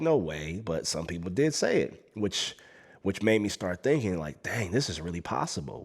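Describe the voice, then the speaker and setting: A man telling a story about his past, acting out what he and others said with sudden jumps in his voice, laughing now and then. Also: darkish tone. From Los Angeles. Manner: acts out his own past lines with big jumps in pitch and volume; laughs between lines, slangy. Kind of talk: animated personal storytelling.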